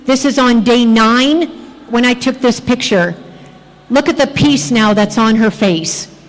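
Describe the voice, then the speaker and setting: A woman giving a health presentation at a church, telling lively patient stories and pointing out details in photos. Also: fairly high pitch, unhurried, in a large hall, poor audio. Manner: lively anecdotal storytelling, acting out patients' replies. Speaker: health speaker. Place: church hall.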